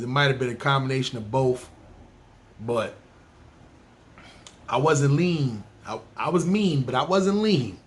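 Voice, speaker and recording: Animated, cursing New storyteller man. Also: a little high, a little hiss or hum. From New York. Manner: animated, profane, slangy, talks to listeners. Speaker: podcast host. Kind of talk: storytelling monologue.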